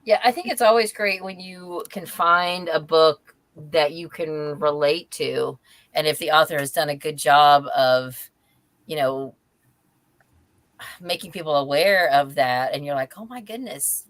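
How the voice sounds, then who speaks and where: Brief: woman host of a video-call book chat, low-pitched, chatty, dry close sound. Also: measured pace, fairly bright tone, no echo. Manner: chatty, frequent ums, laughs easily. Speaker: host of a live reading chat. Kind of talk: casual chat.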